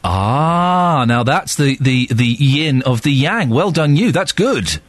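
A man's voice: medium pitch, very animated, slow pace, no room sound. A man hosting a radio phone-in show, chatting and telling jokey stories with a wry tone. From England. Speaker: radio presenter. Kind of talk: casual radio chat. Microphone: studio microphone.

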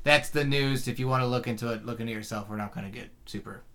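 A man's voice: mid-range voice, quick pace. A young man hosting a casual podcast chat, laughing and swearing as he tells stories. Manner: laughing, swearing, animated storytelling. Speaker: podcast host.

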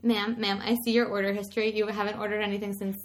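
A woman hosting a podcast, chatting casually and telling a family story in an expressive way. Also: medium pitch, fast talker, over a noisy crowd. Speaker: podcast host. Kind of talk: casual chat.

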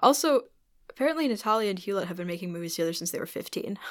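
A woman co-hosts a casual podcast chat in a mid-pitched voice, chiming in with short remarks and laughing asides. She is recorded dry and close, with no room sound around her. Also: lively intonation, very fast, dry recording. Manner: brief interjections, laughing asides. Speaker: podcast co-host. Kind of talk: casual chat reviewing a horror episode.

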